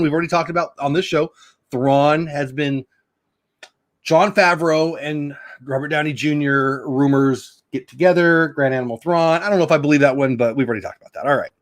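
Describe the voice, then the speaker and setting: A man's voice: on the high side, fairly even intonation, a little fast. A middle-aged man hosting a casual news chat, reading reports aloud and breaking in with his own asides. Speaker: show host.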